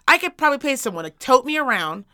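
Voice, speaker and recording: A woman's voice: high voice, very animated, fast, bright, forceful tone, no room sound, clean studio sound. A woman co-hosting a podcast in casual chat, blunt and sweary, ranting with lots of energy. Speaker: podcast co-host.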